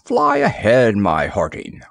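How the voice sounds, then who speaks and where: Guy doing a gravelly blustery pirate captain, slow and gruff, storybook vibe. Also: lowish voice, huge pitch swings, no echo, studio quality, full character voice. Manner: gruff, blustering sea talk.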